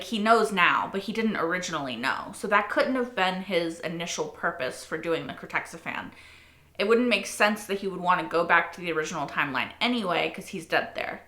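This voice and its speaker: Bright-voiced woman reacting, roomy echo. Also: fairly low pitch. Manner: animated, swears a lot, repeats phrases in frustration. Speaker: reaction video host. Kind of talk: casual reaction commentary.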